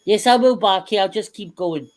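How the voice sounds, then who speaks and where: A woman's voice: medium pitch, moderate pace. A woman guest in a casual group chat, teasing the others playfully and often stopping to restart what she says.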